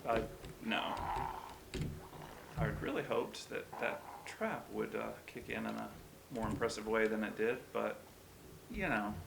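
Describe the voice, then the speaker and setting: Let's-play host, male, wry self-mocking commentary with sudden yelps, game sounds clear behind. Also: on the low side, unhurried, pauses often, background noise. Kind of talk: gameplay commentary.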